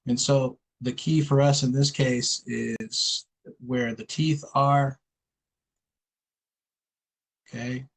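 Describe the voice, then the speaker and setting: A man's voice: medium pitch, steady tone, low-quality recording. A man teaching English pronunciation in an online one-on-one lesson, patient and repeating sounds for the student to copy. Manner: patient, slow, drills sounds with repetition.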